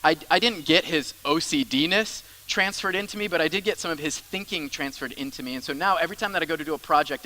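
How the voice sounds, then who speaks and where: A man's voice: a little high, bright, forceful tone, slight background noise, low-quality recording. A man preaching a sermon as the church's pastor, in a conversational style with asides and repeated phrases.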